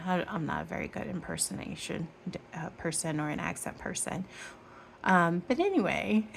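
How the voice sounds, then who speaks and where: A woman from Michigan with a low, gravelly voice hosts a casual budgeting vlog. She chats in rambling tangents, corrects herself as she goes, and counts bills out loud. There is a faint hiss behind her. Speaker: budgeting channel host.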